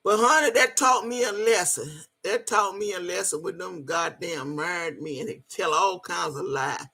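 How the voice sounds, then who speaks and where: A woman's voice: fairly low pitch, moderate pace, pushed and bright, breathy edge. A woman, telling a story in a blunt, emphatic way and cussing freely. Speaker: vlogger. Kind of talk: profane storytelling monologue.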